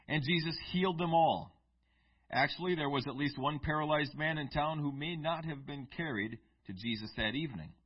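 A man's voice: a little high, husky, lo-fi sound. A male pastor reading scripture aloud and then preaching a sermon in a conversational storytelling manner with asides to the congregation.

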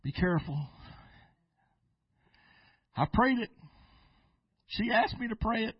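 A man who is a pastor, preaching a sermon and telling stories with restarts, sometimes slowing down and sometimes breaking into shouts. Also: sits high, animated, breathy edge, dry recording, highs cut off. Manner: preaching with sudden shouted bursts and slow drawn-out phrases; storytelling with restarts and repeated words. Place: church sanctuary.

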